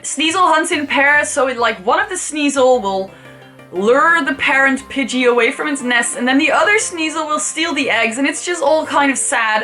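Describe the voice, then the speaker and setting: A young woman talks through her ratings in a loose, playful vlog voice, full of swearing and jokey asides. Her voice is bright and a little high. Soft music plays faintly behind her. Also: moderate pace. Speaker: YouTuber rating Pokémon. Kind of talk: casual commentary vlog.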